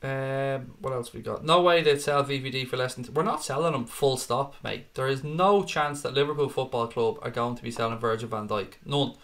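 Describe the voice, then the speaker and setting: A man's voice: medium pitch, fairly quick, hardly any pauses, a bit bright. A man in his thirties hosting a fan live stream, reading chat and answering in a blunt, chatty way, swearing freely and calling viewers mate.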